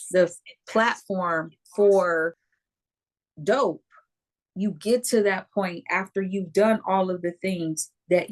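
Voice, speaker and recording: Emphatic woman spiritual coach. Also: lowish voice. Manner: emphatic, repeating phrases for effect. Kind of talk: motivational live chat.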